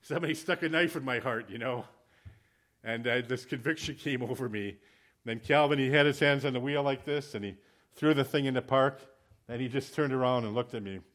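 A man preaching a sermon, telling a lively story and then closing in prayer. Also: mid-range voice, fairly quick. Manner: animated, acts out quoted voices; ends in spoken prayer. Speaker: visiting preacher.

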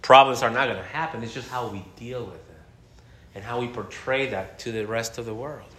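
A man preaching a sermon as pastor, talking in a lively, conversational way and laughing now and then. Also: mid-range voice, fairly quick, roomy sound, slight background noise.

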